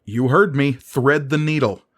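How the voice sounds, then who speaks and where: A cocky young airship commander, sure of himself and ready for battle, read by a man in his own low voice. He gives orders with confidence, in a commanding tone. The storybook fantasy feel stays firm throughout. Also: expressive, measured pace, fairly bright tone.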